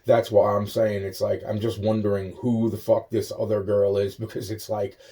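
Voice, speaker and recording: A man's voice: fairly low pitch, little pitch movement, normal speed, dark tone. A young man in a rambling, agitated rant, swearing constantly, repeating himself and trailing off into muttered asides. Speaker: monologue speaker.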